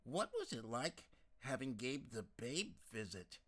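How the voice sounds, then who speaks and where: A man's voice: medium pitch, sing-song, measured pace, fairly bright tone. A man voicing an earnest young woman in a storybook reading, reasoning through her choice.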